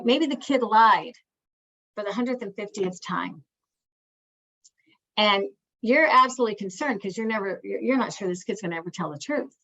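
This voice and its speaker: Her voice is mid-range and a bit bright, though the recording's highs are cut off. A woman family therapist from an Italian family, she gives an earnest educational talk full of repeated words and restarts, acting out what parents might say.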